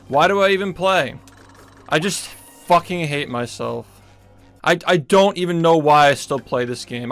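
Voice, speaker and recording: A young man streaming a speedrun, ranting angrily at himself with heavy swearing and sudden shouts. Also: medium pitch. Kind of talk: angry self-deprecating gaming rant.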